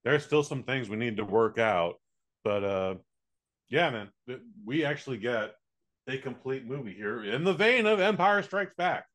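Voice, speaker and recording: A male podcast co-host talks through a movie review in loose, rambling chat. He jokes and swears freely, with a voice of ordinary, middling pitch. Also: expressive, moderate pace, fairly bright tone. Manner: profane, rambling, joking.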